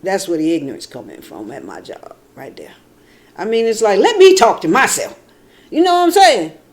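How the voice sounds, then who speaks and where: Telling stories casually for her vlog, this woman rambles with lots of animation at a moderate pace. Her voice swings from low and quiet to loud bursts, and she curses freely.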